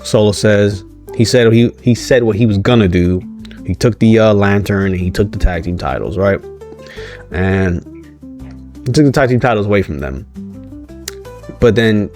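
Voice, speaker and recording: Here a man with a somewhat low, slightly mellow voice gives a casual wrestling show recap. It's a hesitant ramble, packed with ums and self-corrections and restarts, and he keeps asking viewers things and prompting them to comment.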